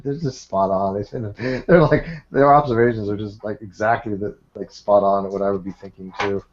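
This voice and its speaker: A man's voice: fairly low pitch, lively intonation, normal speed, dull audio. A man hosting a casual online hangout, laughing often and trailing off as he reads comments. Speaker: host.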